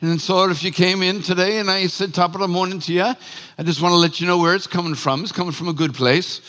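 A man's voice: high-pitched, fairly even intonation, quick pace, sharp tone. A male pastor preaching a sermon in a chatty, joking way, often breaking off mid-sentence to restart. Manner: chatty, joking, self-interrupting. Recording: long reverb of a church hall.

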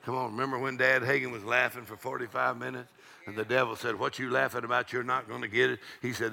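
Gravelly preacher man with a drawl. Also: medium pitch, steady tone, brisk. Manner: bursts into loud shouting and rhythmic laughter. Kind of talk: charismatic sermon.

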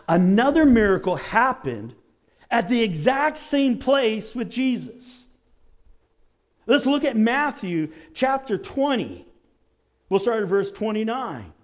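A man preaching a sermon in an animated way, rising to shouts as he acts out the stories he tells. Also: very high-pitched. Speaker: pastor.

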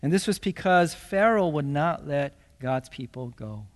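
A man's voice: fairly high pitch, animated, a little slow. A man preaching a sermon as pastor, reading scripture and explaining it with emphatic, rhetorical "right?" asides. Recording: long hall reverb.

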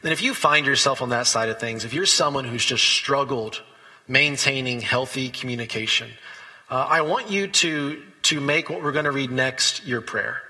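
A man's voice: medium pitch, normal speed, sharp tone, husky, long reverb tail, rough recording. A man preaching a sermon as pastor, talking conversationally and telling stories between scripture readings.

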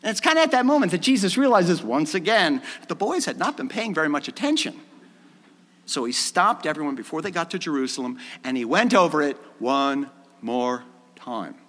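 A male pastor preaching with animated storytelling. His voice sits high and swoops widely as he acts out the dialogue. A long reverb from the hall follows his words. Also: moderate pace. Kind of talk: sermon.

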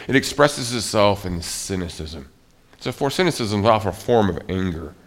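A man's voice: on the low side, animated, normal speed. A male pastor preaching a sermon in a conversational way, often restarting his sentences. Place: church.

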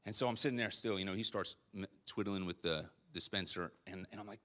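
A young man delivers a sermon like a conversation, acting out who said what as he tells a personal story. His voice sits a little low but rings bright and forceful. He keeps it loose and animated rather than formal. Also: fairly quick, hardly any pauses. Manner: conversational, animated retelling with quoted dialogue. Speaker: preacher.

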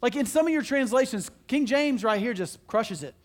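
High-voiced preacher telling a story. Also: male voice, moderate pace. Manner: animated storytelling, emphatic, conversational. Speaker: pastor. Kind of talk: sermon.

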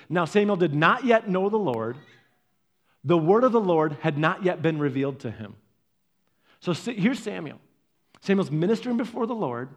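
A man preaching a sermon in a conversational way, often repeating words as he tells stories. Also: sits high. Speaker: pastor.

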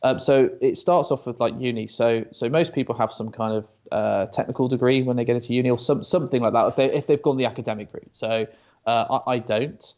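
A man's voice: medium pitch, fairly even intonation, brisk, a little mellow, highs cut off. A British man chatting as an interview guest, often stammering and restarting, telling stories. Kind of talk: casual interview chat.

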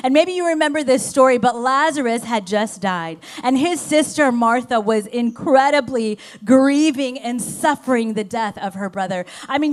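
A woman pastor preaching a sermon to her church, emphatic, swinging between loud urgency and soft hushed passages. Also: sits high.

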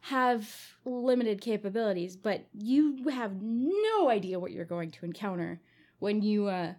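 A woman's voice: mid-range voice, animated, unhurried, a little mellow. A young woman chatting casually as a co-host, hesitant and trailing off as she thinks aloud. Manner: hesitant, with many restarts and fillers. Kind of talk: casual chat.

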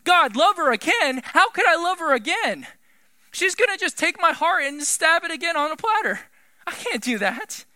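A man voicing a heartbroken prophet husband in a sermon, crying out in a high, strained, loud voice. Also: very animated, moderate pace, no room sound, full character voice. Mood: anguished.

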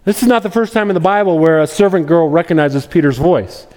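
A man's voice: fairly high pitch, animated, brisk, darkish tone. A male pastor preaching an expository sermon in a conversational way, with wry asides. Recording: long hall reverb.

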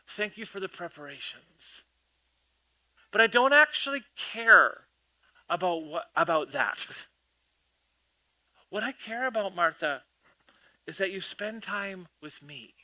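A man voicing Jesus as a gentle, patient grown man who speaks quietly and tenderly, in a sermon re-enactment. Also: sits high, heavily acted, poor audio.

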